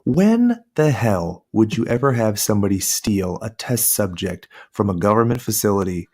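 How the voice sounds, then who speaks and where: A man's voice: lowish voice, animated, normal speed, darkish tone. A man chatting on a podcast, sardonic and cursing freely as he mocks a film. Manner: sardonic, swears freely, mimics quotes. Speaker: podcast guest. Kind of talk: casual chat.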